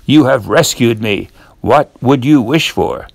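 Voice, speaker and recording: A man reading aloud voices a formal, dutiful male genie in a loud, grand manner. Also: mid-range voice, expressive, measured pace, gravelly, dry recording.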